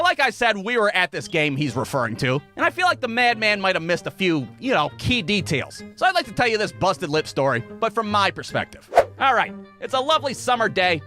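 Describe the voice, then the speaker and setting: Man, high voice, bright tone, comedic storytelling narration, sarcastic, profane. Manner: profane, sarcastic, mock-exasperated.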